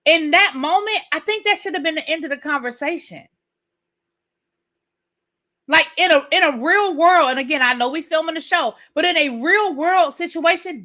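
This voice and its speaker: Woman host for a casual live recap show, bright and a bit high, loose and talkative with the chat. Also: moderate pace. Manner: chatty, repeats phrases for emphasis, talks to live chat. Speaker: TV review host.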